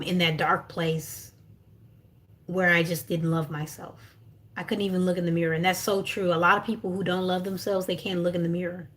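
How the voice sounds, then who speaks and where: A young woman coaching on self-love in a casual livestream, earnest and encouraging, with lots of fillers and restarts. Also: mid-range voice.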